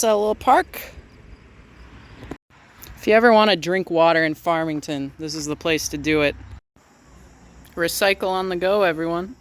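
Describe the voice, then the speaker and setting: A man with a slightly high voice narrates his bike ride outdoors, rambling along with dry little asides and lots of "uh"s. He speaks into a camera mounted on the bike. Faint street noise hums in the background. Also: a bit bright. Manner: rambling, wry asides, frequent "uh". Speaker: transit vlogger. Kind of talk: casual narration while cycling.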